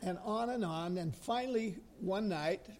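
An older man telling a personal story in an earnest, gently humorous way. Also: high-pitched, unhurried. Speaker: speaker sharing a personal story. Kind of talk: storytelling talk.

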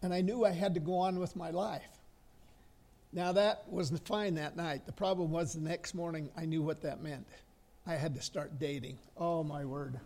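Earnest older man telling a story. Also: on the high side. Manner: earnest, gently humorous. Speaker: speaker sharing a personal story. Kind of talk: storytelling talk.

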